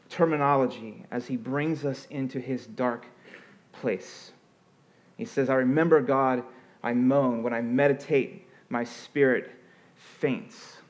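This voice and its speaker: This pastor, medium in pitch, gives an earnest and expressive sermon. He uses rising and falling tones to emphasize points, and his conversational delivery is marked by frequent restarts.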